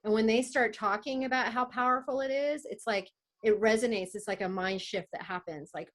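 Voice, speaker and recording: A woman hosting a group call, bubbly and quick to laugh. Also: a little high, fairly even intonation. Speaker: host.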